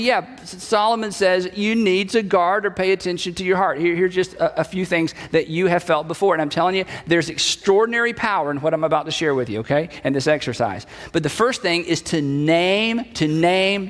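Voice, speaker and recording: A man's voice: sits high, fairly bright tone, big-room sound. A male pastor giving a conversational sermon, acting out short bits of inner dialogue.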